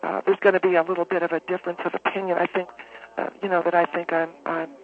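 A man's voice: sits high, voice pushed up, natural voice. A man putting on a droning, pompous homeowners president. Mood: smug. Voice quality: monotone droning. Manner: halting, full of uh and restarts. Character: pompous self-important male homeowners association president. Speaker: caller. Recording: tinny phone line.

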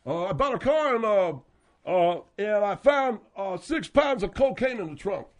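A man playing a halting radio caller. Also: high-pitched, animated. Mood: hesitant. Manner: halting, full of uhs. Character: hesitant male radio show caller.

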